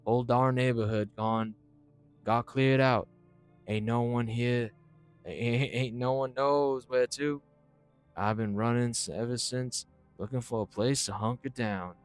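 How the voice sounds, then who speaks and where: A man voicing a loud, folksy old mama with a slow drawl. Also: fairly even intonation, clear, resonant tone, soft background music, natural voice. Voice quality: drawling, booming.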